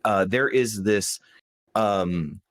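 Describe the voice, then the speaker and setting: Low-voiced man co-hosting a podcast. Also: drawn-out words, fairly bright tone, dry recording. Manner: rambling with frequent restarts and laughs. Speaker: podcast co-host. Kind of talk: casual chat.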